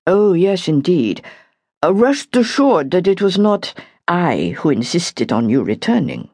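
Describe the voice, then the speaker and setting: A woman's voice: on the low side, sing-song, warm tone, husky, no room sound, studio quality, heavily acted. A woman playing a stiff, aloof doctor. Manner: clipped, slow and stiff. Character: aloof male doctor, irritable, stiff and formal.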